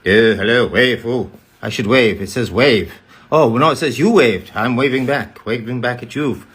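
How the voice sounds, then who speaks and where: Husky yet fairly bright, this mid-pitched man runs a casual live fan Q&A as a voice actor. He reads out fan comments one by one, replies in a chatty way, and breaks into quick character voices.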